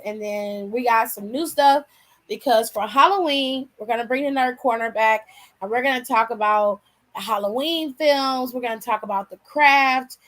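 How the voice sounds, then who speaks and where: A woman's voice: fairly high pitch, a bit bright, low-quality recording. A woman hosting a wrestling channel, chatting casually and slangily with viewers on a live stream while tired and yawning.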